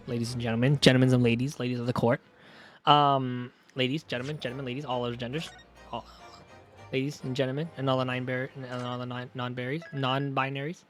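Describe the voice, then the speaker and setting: A man's voice: medium pitch, flat delivery, quick pace, fairly bright tone, faint music behind. A young man chatting casually on a live stream, rambling and joking, often correcting himself. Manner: rambling, self-correcting, jokey.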